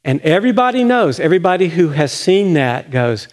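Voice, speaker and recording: A man's voice: a little high, big pitch swings, fairly quick. An older man, a retiring pastor preaching a folksy, storytelling sermon in a church sanctuary.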